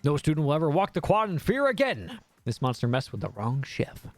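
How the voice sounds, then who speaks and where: A man's voice: on the high side, wildly swooping pitch, brisk, no echo. A man voicing a self-absorbed older chef hero in a hammy, half-failed Southern drawl, over faint game music. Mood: heroic.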